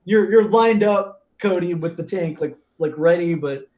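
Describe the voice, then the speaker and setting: A man narrating a tabletop role-playing game as game master, telling the action in a loose, animated way with many fillers. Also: high voice, a little slow, muffled recording. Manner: animated, filler-heavy storytelling.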